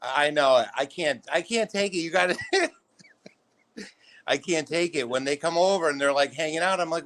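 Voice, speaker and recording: A man's voice: fairly high pitch, moderate pace, bright, forceful tone. A middle-aged man, telling blunt, exasperated stories as a guest on a friend's show. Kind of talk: casual chat.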